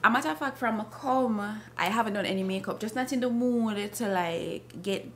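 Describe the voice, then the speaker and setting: Woman vlogger, husky and sleepy, chatty and casual. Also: on the high side, normal speed, noisy background. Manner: chatty, shows items to camera. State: just woke up, tired. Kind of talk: casual travel vlog.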